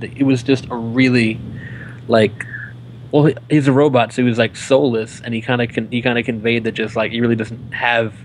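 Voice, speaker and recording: A man's voice: mid-range voice, little pitch movement, fairly quick, slight background noise. A young man co-hosting a film review show, rambling in casual chat and filling his sentences with "like". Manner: rambling, heavy use of "like".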